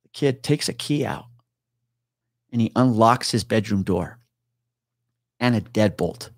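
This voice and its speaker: A man's voice: lowish voice, lively intonation, unhurried, dry recording, studio quality. A man guest on a podcast, a retired police officer telling a story in casual talk, swearing freely and acting out what others said.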